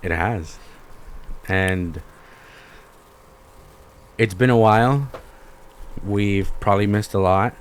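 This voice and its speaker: A man's voice: on the low side, slow, long pauses, clear, resonant tone. A young man, hosting a podcast and ranting in casual, slangy, profanity-heavy storytelling. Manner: slangy, animated storytelling with lots of swearing. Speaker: podcast host.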